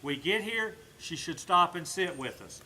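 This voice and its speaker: Bright-voiced dog trainer. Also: male voice, sits high, lively intonation, unhurried. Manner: talks to the dog in soft praise, explains to camera. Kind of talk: casual demonstration. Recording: faint background noise.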